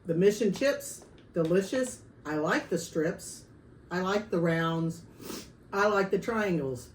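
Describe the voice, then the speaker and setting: A woman's voice: fairly low pitch, animated, slow pace. A woman hosting a casual food-tasting vlog, chatty and friendly, her mouth burning from hot salsa. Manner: chatty, friendly, says y'all. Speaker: vlogger host. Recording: roomy echo, faint background noise.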